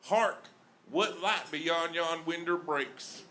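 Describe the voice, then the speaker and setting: A lovesick Romeo turned Southern country boy, as a stand-up comic puts him on, reciting verse in a slow Alabama drawl. The voice sits a little higher than plain talk and rings bright. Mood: mock romantic.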